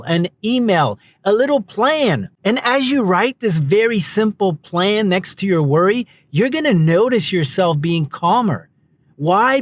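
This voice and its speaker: A man talks straight to camera as a self-help coach, giving direct, step-by-step instructions and calling his listeners folks. His voice sits high for a man and moves with lively swings of pitch. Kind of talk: motivational talk to camera.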